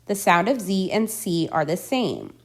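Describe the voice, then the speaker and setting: A woman reading a scripted pronunciation lesson, deliberately enunciating each example word. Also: on the low side, sing-song. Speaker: language teacher.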